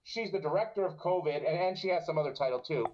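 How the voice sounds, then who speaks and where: A high-pitched man rants with indignant emphasis on a live stream. The sound is dull and lo-fi, like a muffled call. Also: quick pace, crowd noise. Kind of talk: heated live-stream talk. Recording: dull lo-fi audio.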